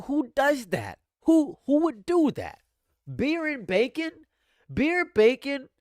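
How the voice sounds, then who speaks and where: A man streaming casual live commentary, ranting in mock outrage and swinging between mumbled asides and loud outbursts. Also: mid-range voice, no room sound, studio quality.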